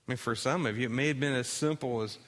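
A man preaching a sermon, telling a story with energy, rising loud and dropping soft, and acting out the voices of the people in it. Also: medium pitch, fast talker. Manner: animated storytelling, acts out voices, rises loud then drops soft. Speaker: pastor.

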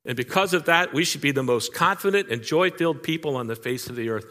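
Speaking fast in a bright, forceful voice on the high side, an older pastor tells folksy family tales as a sermon. He keeps it conversational, addressing the audience in asides, and the sound is big-room.

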